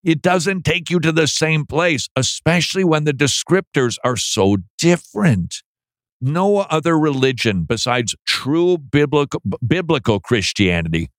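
A man's voice: on the high side, animated, unhurried, no echo, clean studio sound. Emphatic, sarcastic male radio host. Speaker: radio talk show host. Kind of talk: radio commentary.

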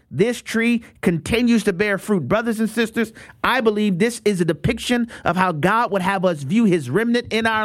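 A man with a high voice preaches with emphasis, often repeating himself as he restarts a thought. He delivers a radio sermon with an appeal for donations. The sound is dry and close. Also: no echo.

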